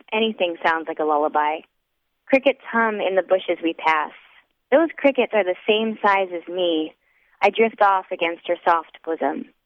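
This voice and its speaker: A woman narrating a first-person audiobook in a wry, measured way. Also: medium pitch, no echo. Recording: dry, tinny phone-like sound.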